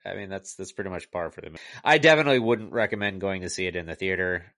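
A man's voice: low-pitched, racing, fairly bright tone, no room sound, studio quality. A man co-hosting a podcast, casually retelling a movie in a rambling, exasperated way with lots of "like". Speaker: podcast co-host reviewing a movie. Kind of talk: casual chat.

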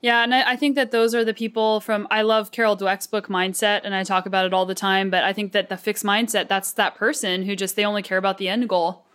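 A woman's voice: mid-range voice, little pitch movement, a little fast, few pauses, fairly bright tone, smooth. An American woman hosting an interview, chatting in an upbeat, enthusiastic way. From United States. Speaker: podcast host. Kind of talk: casual interview chat.

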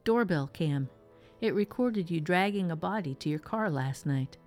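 A woman's voice: lowish voice, expressive, moderate pace, a little mellow, faint music behind, close to an everyday voice. A woman voicing a matter-of-fact police officer in a storybook reading, blunt and direct.

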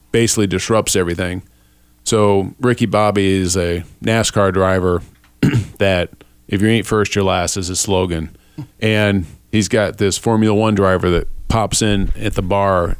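A man hosting a casual faith podcast, talking in a relaxed, rambling, self-deprecating way. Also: sits low, clear, resonant tone, dry recording. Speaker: podcast host.

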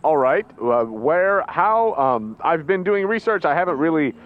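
A player voicing an older male professor who speaks softly and hesitantly, with many fillers, during a tabletop role-play. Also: medium pitch, very animated, unhurried. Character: older man professor, mild and absent-minded. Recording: dull lo-fi sound.

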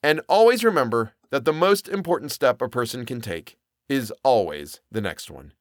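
A man narrating a horror story as a podcast host, measured and expressive. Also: mid-range voice, no room sound, clean studio sound.

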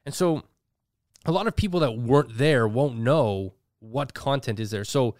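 A man's voice: medium pitch, normal speed, a little mellow, dry recording. A man talks loosely on a podcast, full of fillers and little jokes. His voice sits mid-range and is recorded dry and close, with no room around it. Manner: rambling, filler-heavy, jokey. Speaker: podcast co-host. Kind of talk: casual podcast chat.

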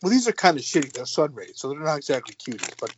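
A man's voice: mid-range voice, big pitch swings, quick pace, slight background noise. A man co-hosting a casual podcast, teasing and swearing freely. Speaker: podcast co-host. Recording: dry lo-fi audio.

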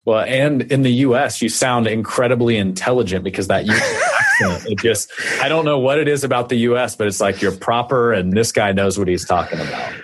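A man with a Kansas accent hosting a podcast, friendly and relaxed in casual conversation. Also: mid-range voice, a little fast, slightly rough. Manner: friendly, relaxed, calls guest buddy. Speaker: podcast host. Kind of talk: casual interview chat.

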